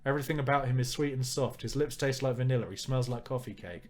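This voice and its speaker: Man narrating a visual novel on stream, wry and low-key, faint music behind. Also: fast talker, darkish tone. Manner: wry, joking asides. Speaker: let's player. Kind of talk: reading a visual novel aloud with commentary.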